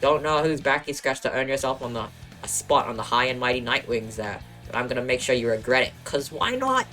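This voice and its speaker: A man voicing a cocky, sneering male dog troublemaker in an attempted Australian accent, taunting and rough. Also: medium pitch, lively intonation, brisk, sharp tone, soft background music.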